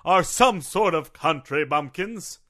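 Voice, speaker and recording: A man playing a pompous, prissy would-be sophisticate in an improvised comedy sketch, whose hillbilly side bursts out in rowdy shouting. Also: fairly high pitch, lively intonation, slow. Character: man affecting snooty sophistication, hillbilly underneath.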